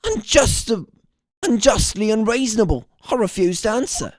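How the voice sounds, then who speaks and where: A man's voice: sits high, very animated, moderate pace, a little mellow, no echo, clean studio sound, pitched above the performer's own voice. A man voicing an eccentric, melodramatic young male foreign student held as a prisoner, speaking in grand theatrical flourishes. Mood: indignant.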